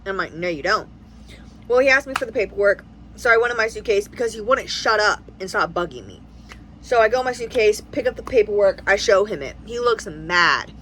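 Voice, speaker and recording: A young American woman vlogging in a casual storytime, rambling and animated as she acts out what everyone said. Her voice is bright and forceful, with a faint hum of noise behind her. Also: mid-range voice, a little fast, poor audio. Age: 20s. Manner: rambling, animated retelling with quoted dialogue. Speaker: family vlogger.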